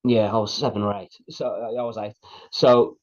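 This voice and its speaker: A man's voice: on the low side, steady tone, normal speed, muffled recording. A man in his late thirties co-hosting a podcast, chatting casually and telling stories with animation. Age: late 30s. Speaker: podcast co-host. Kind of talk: casual chat.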